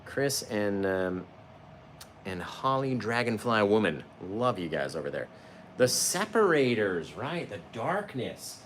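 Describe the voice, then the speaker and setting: A man's voice: on the low side, sing-song, takes it slowly, fairly bright tone, distant mic. A man hosting a livestreamed painting lesson, talking to viewers in the chat in a chatty, enthusiastic way. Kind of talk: live painting tutorial. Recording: roomy echo, voice a bit off-mic, noticeable background noise.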